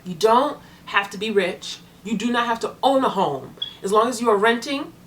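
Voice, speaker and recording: A young woman talking casually to her viewers as a foster parent vlogger, chatty and animated, acting out the people in her stories. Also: on the high side, normal speed. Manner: chatty, animated storytelling with voiced quotes. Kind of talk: casual vlog chat to viewers.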